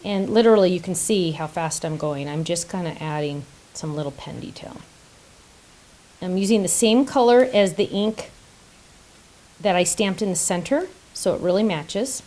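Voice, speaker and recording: A woman's voice: on the low side, lively intonation, normal speed, dark tone, poor audio. A woman hosting a casual card-making tutorial, chatty and playful, making silly sound effects and joking about herself. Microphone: top-down camera setup.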